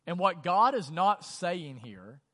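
This pastor's high, sing-song voice is slightly bright, and he takes his time. He preaches conversationally, often saying "like" and questioning the congregation, and the long reverb of the church auditorium trails after his words.

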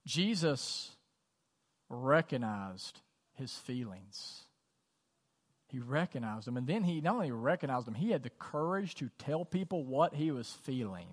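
Earnest pastor with a long church echo. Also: male voice, mid-range voice, lively intonation, unhurried. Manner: conversational, earnest, repeats for emphasis. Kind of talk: sermon. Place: church sanctuary.

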